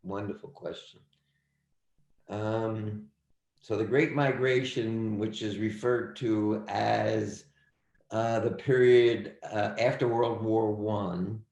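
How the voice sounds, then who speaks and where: An emphatic man leads a history class over a video call, circling back to restate his points. His voice is gravelly and sits in an echoey room. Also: fairly low pitch, fairly even intonation, slow pace, darkish tone. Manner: emphatic, repeats phrases, calls on students by name. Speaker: history teacher. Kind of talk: online class lecture.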